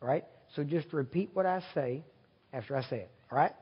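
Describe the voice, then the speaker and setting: A man's voice: on the high side, brisk, husky. A man preaching at a healing service, chatting with the congregation and checking for their agreement as he explains what to do. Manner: leads congregation in repeat-after-me prayer, loud and emphatic; conversational, asks audience for agreement. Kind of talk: sermon. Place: large hall with congregation. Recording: dull recording with long hall reverb.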